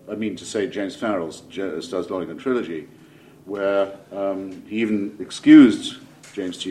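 A man's voice: deep voice, a little mellow. Wry English man lecturing. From England. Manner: wry, digressive, self-interrupting with ironic asides. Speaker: lecturer giving a speech. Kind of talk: public lecture.

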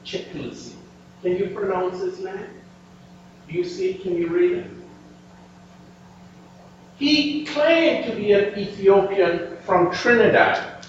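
High-voiced man lecturing in an echoey hall. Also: slow pace, pauses often. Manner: animated, emphatic, addresses audience. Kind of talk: history lecture with slides. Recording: echoey, distant, dull lo-fi room recording with faint hum.

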